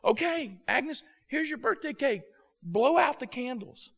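A man's voice: extremely high pitch, huge pitch swings, fairly quick, gravelly, breathy edge, voice pushed up, full character voice. A man voicing a middle-aged diner owner who talks in a flustered, exclaiming way.

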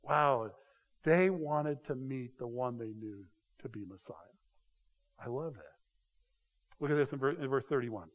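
A middle-aged man preaching a sermon, telling the story with animated delivery and acted-out voices. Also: medium pitch, normal speed, long pauses. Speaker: pastor. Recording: long hall reverb.

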